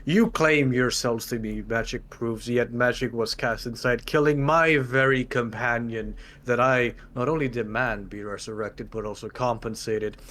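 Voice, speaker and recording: A man voicing an authoritative adventurer who makes formal, deliberate speeches. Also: medium pitch, fairly even intonation, a bit bright, natural voice.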